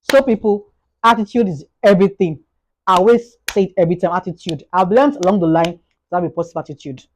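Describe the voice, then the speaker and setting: Fast-talking Nigerian woman vlogger. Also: on the low side, a little hiss or hum, low-quality recording. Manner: fast-talking, animated, repeats words and restarts. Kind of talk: motivational talk to camera.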